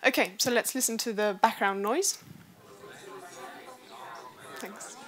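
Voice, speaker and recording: A woman's voice: on the high side, takes it slowly, a bit bright. A woman researcher giving a conference presentation, explaining her study with frequent fillers. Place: lecture hall.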